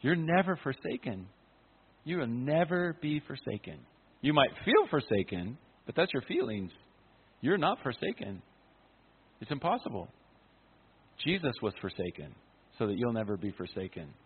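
A man, a pastor, preaching an impassioned sermon at a conference, swinging from loud to hushed. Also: mid-range voice, very animated, normal speed, long pauses, slightly rough. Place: conference hall. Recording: phone-like sound with long hall reverb.

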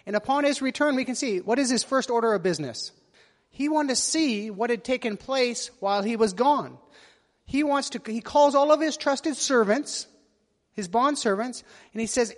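A preacher's high, sing-song voice fills a large hall at a moderate pace. He reads verses with voiced quotes and asks the congregation questions while unpacking the scripture.

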